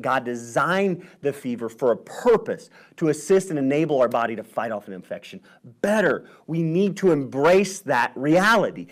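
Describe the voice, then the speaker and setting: A man hosting a health vlog who reads from studies and talks emphatically, getting worked up as he goes. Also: mid-range voice. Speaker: host.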